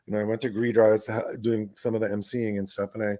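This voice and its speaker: A man co-hosting a radio talk show, telling lively stories and acting out quoted voices, often laughing. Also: on the low side, quick pace, no room sound. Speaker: radio show co-host, former city council member. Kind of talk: casual storytelling radio conversation.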